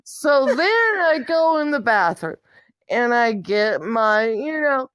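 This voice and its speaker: A woman's voice: a little high, big pitch swings, slow pace, a bit bright, dry recording. A woman vlogger in a candid monologue, talking bluntly and profanely with an exasperated edge.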